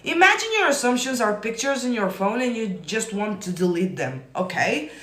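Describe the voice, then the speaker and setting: A man coaching manifestation on a live stream, answering viewer comments in a profane, emphatic, often yelling way. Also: sits high, animated, moderate pace. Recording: roomy echo.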